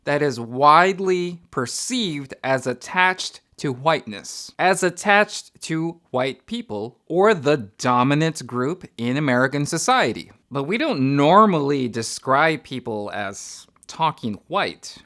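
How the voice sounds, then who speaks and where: Guy teaching linguistics on his channel, kinda high voice, super expressive, chatty. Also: slow pace, hardly any pauses. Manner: energetic, conversational lecturing. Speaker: educator and channel host. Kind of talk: educational video explainer.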